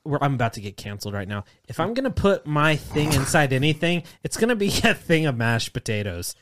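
A man co-hosting a podcast, talking in loose, crude, joking banter. His pitch sits a little high and jumps all over as he gets carried away, and he swears freely and laughs a lot. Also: sing-song, fairly quick, fairly bright tone, slight background noise. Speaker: podcast co-host. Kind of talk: crude comedic chat.

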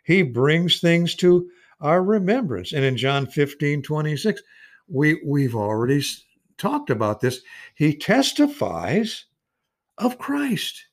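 A man's voice: on the high side, animated, a little slow. A man in his eighties teaching an informal Bible study, earnest and rambling, stretching out key words of Scripture for emphasis. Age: 80s. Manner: rambling with restarts and repeated words.

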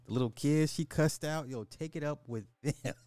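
A man's voice: on the high side, moderate pace, mellow, no room sound. A man hosting a podcast, talking loosely and in slang straight to his audience. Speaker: podcast host. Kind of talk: casual livestream commentary.

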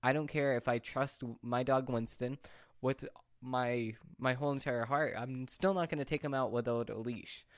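A man's voice: medium pitch, fairly even intonation, normal speed, clear, resonant tone, no room sound, studio quality. A teenage boy talking casually to his viewers in a rambling, repetitive, exasperated rant. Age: teens. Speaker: vlogger. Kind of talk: casual monologue to camera.

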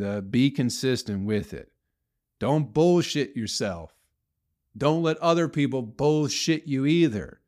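A man's voice: mid-range voice, a little mellow. A man hosting his own podcast, rambling and ranting with heavy swearing and frequent restarts. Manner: profane, ranting, full of restarts. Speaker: podcast host. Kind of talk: solo rambling podcast rant.

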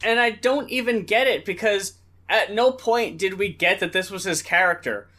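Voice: mid-range voice, normal speed, bright, forceful tone. Puzzled co-host thinking aloud. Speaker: music review co-host. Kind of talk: casual review chat.

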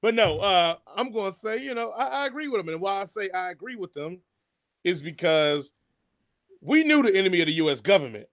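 A man's voice: high-pitched, lively intonation, brisk, fairly bright tone. A man co-hosting a casual podcast, talking emphatically and joking. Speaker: podcast co-host.

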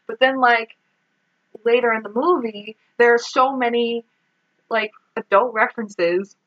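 A woman co-hosting a podcast, recapping a movie in animated casual chat, laughing often and saying "like" a lot. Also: a little high, unhurried, highs cut off. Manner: animated, laughing, heavy use of "like". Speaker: podcast co-host.

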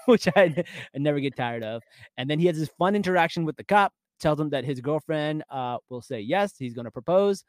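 A man's voice: on the high side, dry recording, clean studio sound. A man co-hosting a casual fan discussion, recapping scenes and laughing often. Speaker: podcast co-host.

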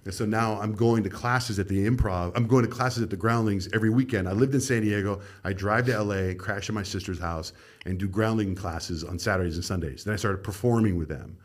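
A man's voice: lowish voice, a little fast. A middle-aged man, a radio host, telling stories of his career in a casual podcast chat and acting out the people he quotes.

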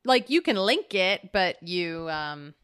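A woman in her thirties co-hosts a podcast in loose, animated chat, her pitch bouncing all over as she talks. She laughs often and swears without thinking. The sound is dry and close, with no room at all. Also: takes it slowly, clear, resonant tone, no room sound. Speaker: podcast co-host. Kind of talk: casual chat.

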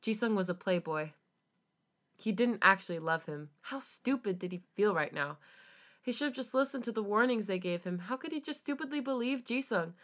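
A woman co-host reads fanfiction aloud on her podcast. Her voice is bright and forward, and her reading is expressive. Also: mid-range voice. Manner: expressive reading, quick to laugh.

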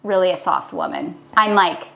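A woman's voice: fairly low pitch, expressive, normal speed, gravelly, a bit bright. A woman co-hosting a podcast, chatting earnestly and giggling at herself. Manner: earnest, giggly, self-mocking. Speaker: podcast co-host. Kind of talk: casual chat.

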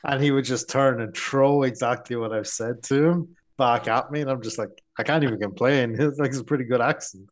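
A man's voice: mid-range voice, steady tone, fairly quick, hardly any pauses. A man with an Irish accent, a guest on a talk show, easygoing and hesitant with fillers. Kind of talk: casual chat.

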